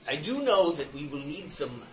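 A man playing a tabletop game, speaking in character in a slow, stiff and formal way. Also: on the high side, big pitch swings, reverberant, slight background noise, poor audio. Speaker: player. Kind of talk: in-character tabletop role-play.

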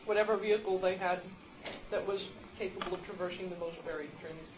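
A woman's voice: lowish voice, fairly even intonation, fairly quick, noisy background. A woman playing a tabletop game, speaking in character with a haughty, demanding tone. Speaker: player. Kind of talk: in-character tabletop role-play.

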